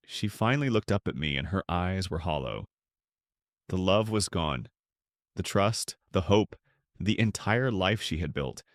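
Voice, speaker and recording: An older man tells a dramatic story in the first person, his low voice swinging widely for emphasis. He is expressive and unhurried, recorded dry and close to the mic with no room sound.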